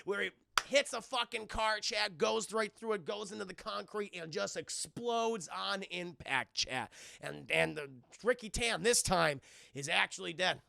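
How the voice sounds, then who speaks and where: A man recapping a film on a live stream, animated and profane, talking to his chat. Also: sits high, unhurried, vocal fry.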